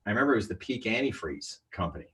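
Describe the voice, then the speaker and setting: A middle-aged man, a sales trainer, telling a story on a livestream in an animated way and acting out the voices of the people in it. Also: on the low side, racing. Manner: animated, acts out quoted voices.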